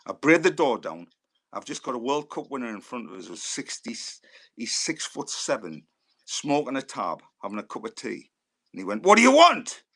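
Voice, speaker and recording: A man in his fifties with a Geordie accent, a former footballer telling lively anecdotes as a guest. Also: mid-range voice, moderate pace. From Newcastle, England. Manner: lively storyteller who acts out the voices of others.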